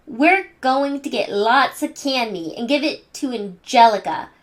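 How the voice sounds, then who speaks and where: Woman as a plucky little boy leader, upbeat, slow and clear. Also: a little high, lively intonation. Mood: eager.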